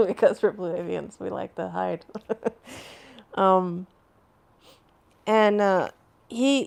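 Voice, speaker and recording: A woman chats loosely on a home live stream, wandering from thought to thought as she replies to viewer comments. Her voice has a gravelly edge and sits at a middle pitch. She laughs often between her phrases. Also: darkish tone. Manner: rambling, chatty, answering viewer comments. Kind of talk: casual live stream chat.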